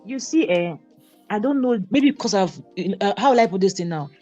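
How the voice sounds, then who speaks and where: A woman's voice: medium pitch, expressive, a little fast, dark tone, dull audio, soft background music. A woman on a debate panel, explaining her view step by step and checking that she is understood.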